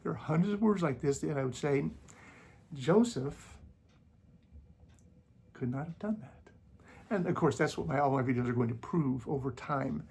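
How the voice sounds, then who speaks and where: Man host, gravelly and rough, sarcastic talk that mocks critics, casual channel commentary. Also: fairly high pitch, normal speed, long pauses, a little mellow. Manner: argumentative, mocking critics, sarcastic.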